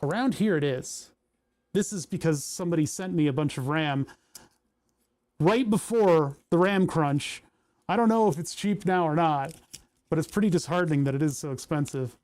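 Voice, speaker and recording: A man's voice: fairly high pitch, normal speed, a little mellow. A man from Pennsylvania livestreaming, chatting casually and rambling while reading his chat aloud. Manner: rambling, self-deprecating, reads chat aloud. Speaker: streamer.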